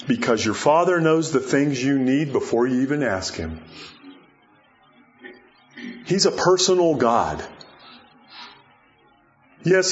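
Conversational preacher man, lo-fi sound. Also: on the high side. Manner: conversational, animated storytelling with many fillers. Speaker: pastor. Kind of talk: sermon. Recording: dull lo-fi sound.

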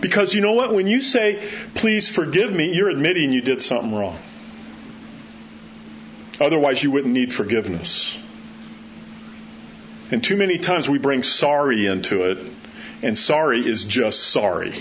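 Middle-aged pastor, chatty sermon delivery with big pitch jumps; slightly muffled recording, faint background hiss. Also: male voice, moderate pace, pauses often. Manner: conversational, animated, acts out quotes with rising pitch. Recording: slightly dull sound with faint background noise.

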